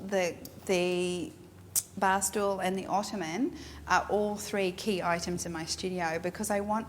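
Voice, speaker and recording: Frank, animated middle-aged woman leading a studio workshop; echoey hall sound, faint noise. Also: on the low side. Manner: frank, emphatic, animated storyteller. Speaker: photographer teaching a workshop. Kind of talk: instructional talk to a class. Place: photo studio.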